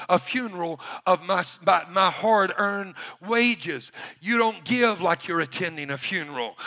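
Man preaching, gravelly and bright. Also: sits high. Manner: call-and-response preaching, builds to shouting. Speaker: pastor. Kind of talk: sermon. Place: church.

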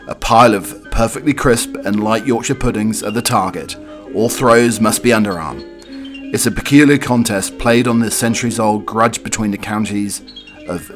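A man's voice: fairly low pitch, a bit bright. A man with a cold hosting a podcast, reading odd news stories and drifting into rambling asides full of fillers. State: has a cold. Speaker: podcast host.

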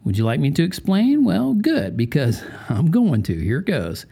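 A man's voice: fairly high pitch, huge pitch swings, measured pace, creaky, mellow, slightly rough. A man hosting a faith-based podcast, talking conversationally and putting rhetorical questions to the listener. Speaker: podcast host.

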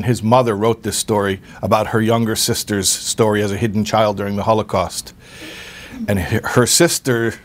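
A man giving an earnest storytelling talk, often repeating words and pausing with fillers. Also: on the low side. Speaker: speaker giving a religious talk.

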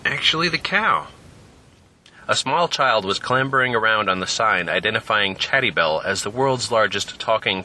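Lively, bright-toned male narrator. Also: lowish voice, slight background noise. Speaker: narrator and podcast host. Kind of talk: scripted story narration.

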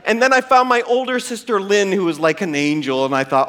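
Animated and fast, with hardly any pauses, a middle-aged pastor's high, slightly bright voice fills the church. His sermon is an earnest personal story told to listeners he addresses as friends, wrapping up in prayer.

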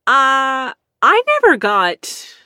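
A woman's voice: sits high, big pitch swings, drawn-out words, bright, forceful tone, clear, resonant tone, no room sound, clean studio sound. Chatty woman with a lisp. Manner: rambling and chatty, laughs often. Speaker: streamer reading viewer comments. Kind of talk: casual chat.

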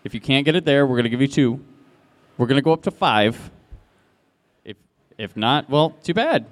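A man's voice: medium pitch, lively intonation, normal speed. A man hosting a live game show on a convention stage, chatty and laughing, with stumbling restarts, speaking into a handheld mic. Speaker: podcast host running a live game.

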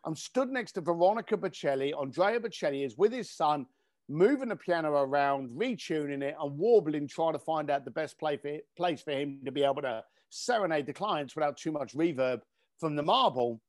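Animated man telling a story. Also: fairly high pitch, normal speed, no echo, clean studio sound. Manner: expressive, swears casually, acts out voices. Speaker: podcast guest.

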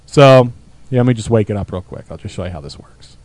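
A man's voice: lowish voice, lively intonation, quick pace, a little mellow, dry recording. Joking male podcast co-host, dry sound. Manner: joking, explains gadgets at length. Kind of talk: casual chat.

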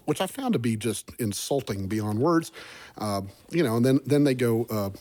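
A middle-aged man from Oklahoma, a musician guest on a podcast, speaking emphatically and deliberately. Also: medium pitch, lively intonation, mellow. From Oklahoma, USA. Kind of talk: podcast interview.

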